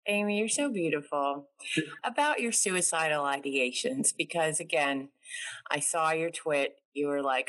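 A woman's voice: low voice, expressive, unhurried, fairly bright tone, rough recording. Bubbly chatty New York woman host. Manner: bubbly, chatty, laughs often. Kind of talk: casual video call chat.

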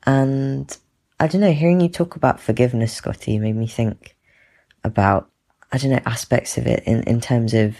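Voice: medium pitch, normal speed, warm tone. A caller leaving a thoughtful, hesitant voice note on a phone. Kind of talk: reflective voice note.

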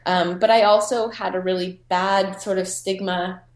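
A woman photographer tells her story in a candid, chatty way, her thoughts spilling out with frequent "you know" fillers. Her voice sits in an ordinary middle register. The recording is roomy, with clear echo around her. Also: mid-range voice, fairly even intonation, moderate pace. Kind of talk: casual personal storytelling.

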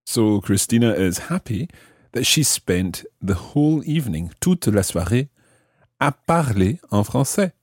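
A man hosting a language lesson podcast, explaining French phrases slowly and carefully. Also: lowish voice, very animated, slightly rough, no echo, clean studio sound. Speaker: language teacher host.

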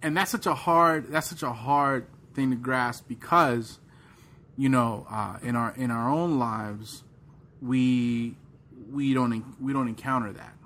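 A man co-hosts a casual faith podcast with a faint hiss in the background. He talks in an animated, filler-heavy way and slips into playful voices to act out what others say. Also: medium pitch, measured pace. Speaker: podcast co-host.

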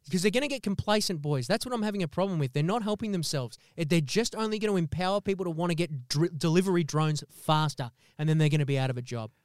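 A man's voice: on the high side, quick pace, few pauses, clean tone, dry recording, studio quality. A man hosting a podcast, ranting in a heated, sweary, comedic way and often asking "do you know what I mean". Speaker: podcast host. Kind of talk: profane comedic rant.

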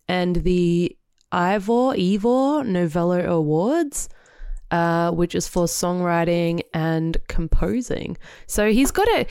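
Chatty woman, smooth low voice. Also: warm tone, no echo, clean studio sound. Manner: chatty, reads out fun facts, playful asides. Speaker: podcast co-host. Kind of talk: casual chat about albums.

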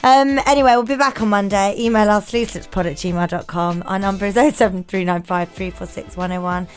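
A woman's voice: medium pitch, fairly even intonation, brisk, soft background music. A woman co-hosting a casual chat podcast, giggly and chatty, often breaking into squeals. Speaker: podcast co-host.

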